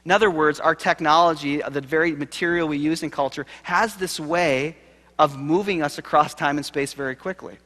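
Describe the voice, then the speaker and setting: A man speaks from a lecture hall stage, his voice sitting a little high and ringing with long reverb. He tells stories in a lively, conversational way and acts out the quoted people. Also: moderate pace. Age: late 30s. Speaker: keynote speaker, seminary professor. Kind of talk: conference keynote talk. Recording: live hall recording with reverb.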